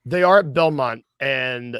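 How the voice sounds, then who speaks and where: A man's voice: mid-range voice, a bit bright, clean tone, no echo, studio quality. A man from Tennessee with a Southern American accent, hosting a casual podcast chat in a jokey, rambling way. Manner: jokey, rambling, quick to laugh. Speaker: podcast host.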